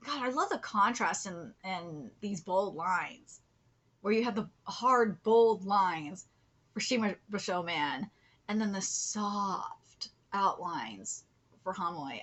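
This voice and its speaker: A woman reacting live to a manga chapter, excitable and swearing freely as she reads panels aloud. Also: mid-range voice, slow pace.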